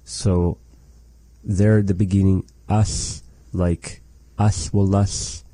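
A man teaching a language lesson, slowly and patiently repeating words for a learner. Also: low voice, flat delivery, warm tone, no room sound, rough recording.

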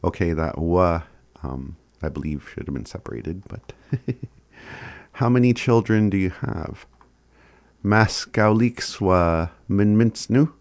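A man teaching phrases in a casual recorded lesson, chuckling often and sounding words out slowly. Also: low voice, lively intonation, darkish tone, dry recording. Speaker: language teacher.

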